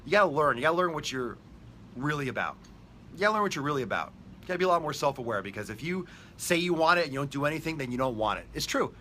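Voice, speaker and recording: Brash, bright-voiced fitness host man. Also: mid-range voice, very animated, fast talker, a little hiss or hum. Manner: brash, profane hype talk. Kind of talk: live-stream motivational chat.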